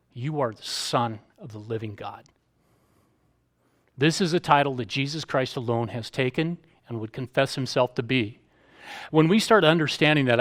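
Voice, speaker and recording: Male pastor, mid-pitched voice, chatty emphatic sermon delivery with playful asides. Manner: conversational storytelling preacher, emphatic and playful.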